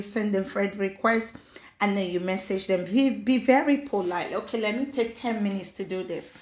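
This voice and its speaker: A woman's voice: medium pitch, normal speed, reverberant. A woman chatting casually to viewers on a live stream, mixing in pidgin and giving blunt advice. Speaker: vlogger.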